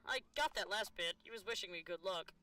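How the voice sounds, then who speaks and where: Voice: mid-range voice, a little fast, pushed and bright, far from the mic, rough recording. A streamer talking casually during a live stream, making chatty, self-mocking asides about the game.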